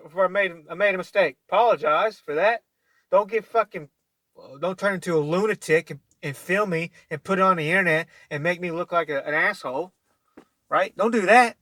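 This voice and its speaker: A man's voice: sits high, brisk, bright, forceful tone, dry recording. A man ranting casually to camera, blunt and profane, rambling with many restarts and talking straight at the listener. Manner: argumentative, addresses listener directly. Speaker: vlogger.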